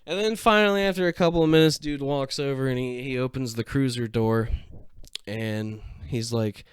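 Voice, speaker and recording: A man's voice: medium pitch, moderate pace, clear, resonant tone, no echo. A man casually telling a comic story about himself, swearing constantly and acting out every exchange.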